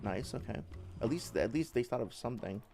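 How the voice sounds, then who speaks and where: A man's voice: mid-range voice, lively intonation, brisk, gravelly, warm tone. Chatty, swearing man over faint game music. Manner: chatty, rambling, swears freely. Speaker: game developer playing a game. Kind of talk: casual let's-play commentary.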